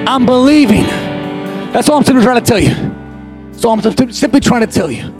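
A man preaching a sermon as pastor, impassioned and often shouting. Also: very high-pitched, expressive, fast talker, music in the background. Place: church sanctuary.

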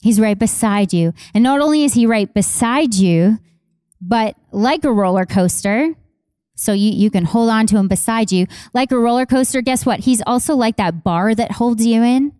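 Woman pastor, sermon delivery, fairly high voice with a warm, mellow tone, dry sound, repeats lines for emphasis. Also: moderate pace, clean tone, no echo. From Canada. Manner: passionate, repeats phrases for emphasis, conversational asides to congregation. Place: church.

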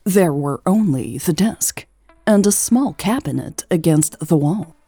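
Female audiobook narrator; measured read, dark, mellow tone, dry close sound. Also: on the low side, expressive, husky, dry recording, faint music behind. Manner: slow, measured reading.

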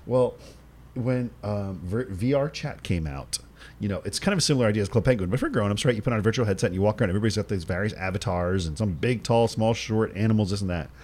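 A man's voice: on the low side, fast talker, darkish tone. A man co-hosting a podcast, telling rambling stories in casual chat and swearing freely. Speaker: podcast co-host.

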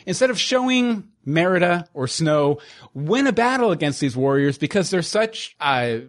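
Man, podcast co-host, opinionated, animated, lots of restarts, swooping pitch. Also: normal speed. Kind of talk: casual chat.

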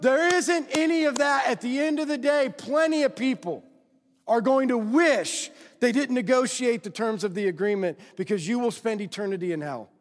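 Very high-pitched and animated, a male pastor speaks at normal speed in a church sanctuary whose large hall produces long reverb. His sermon is conversational, constantly drawing in the congregation with rhetorical questions.

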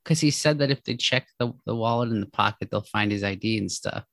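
A man's voice: lowish voice, brisk, few pauses, a bit bright, no echo. Joking man recapping a book, dry sound. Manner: loose, joking, profane retelling. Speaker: podcast co-host. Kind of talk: casual chat recapping a novel.

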